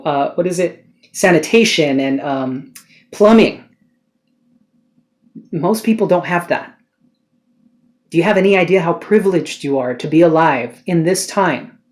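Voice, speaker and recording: Speaking to the camera in a medium-pitched voice, a tarot reader delivers an emotional spiritual reading. She's earnest and pleading, swears casually, and fires off one rhetorical question after another.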